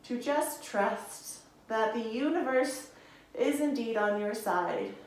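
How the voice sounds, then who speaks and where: A young woman with a fairly high voice leads a yoga practice in a soothing, encouraging tone. She is heard from a distance in a strongly echoing room, with faint noise underneath. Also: slow pace. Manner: soothing, encouraging, calls listeners friends. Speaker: yoga teacher. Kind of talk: guided yoga instruction.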